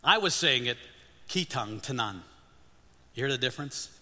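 Bright-voiced older man preaching. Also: medium pitch, quick pace. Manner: animated, humorous, leads the congregation in call-and-response. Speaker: missionary preacher. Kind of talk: sermon. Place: church sanctuary. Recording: long reverb of a church hall.

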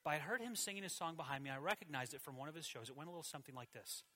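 Male pastor, high voice, bright tone, animated sermon storytelling, church. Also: rapid-fire. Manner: storytelling, animated, swings between loud and hushed.

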